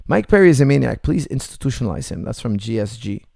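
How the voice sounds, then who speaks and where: Gravelly, blunt coach answering chat. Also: male voice, medium pitch, sing-song, fast talker, darkish tone, no room sound, clean studio sound. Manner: blunt, joking, laughs often. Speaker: martial arts coach hosting a Q&A. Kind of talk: casual livestream Q&A, reading chat messages.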